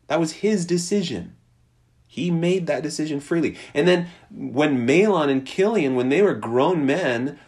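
Male pastor, mid pitch, very expressive delivery, casual preaching style. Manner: animated, conversational preaching with voiced quotes. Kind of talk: sermon.

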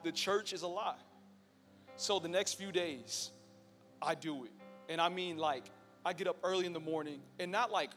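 A man's voice: a little high, a bit bright. Young guy doing his testimony at church, chatty and joking, echoey hall, faint music. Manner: casual, storytelling, joking with the crowd. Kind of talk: personal testimony to a live audience.

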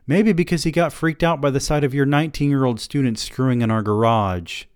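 A man voicing a sharp, sarcastic wife who answers in biting, clipped retorts. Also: medium pitch, fairly quick, clean tone, dry recording, clean studio sound, pitched above the performer's own voice, close to an everyday voice. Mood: accusing.

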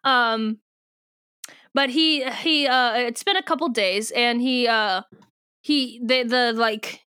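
A woman's voice: on the high side, sharp tone, clean tone, dry recording, clean studio sound. A young woman co-hosting a casual book podcast, laughing often and briefly acting out characters' lines. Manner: giggly, acts out characters in quick voices. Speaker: podcast co-host.

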